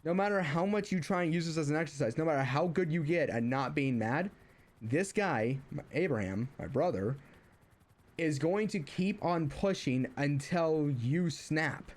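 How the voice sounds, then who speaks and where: Young guy, kinda high voice, ranting and rambling, lots of um and restarts, annoyed. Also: expressive, normal speed. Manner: rambling, many false starts and fillers; exasperated, venting. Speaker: streamer. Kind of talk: casual rant storytelling.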